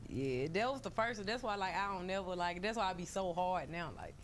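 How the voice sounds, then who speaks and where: A woman's voice: on the low side, expressive, fairly quick, slight background noise. A woman guest in a casual interview, slangy, playful and profane, with a non-New York American accent, who laughs a lot. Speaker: guest rapper.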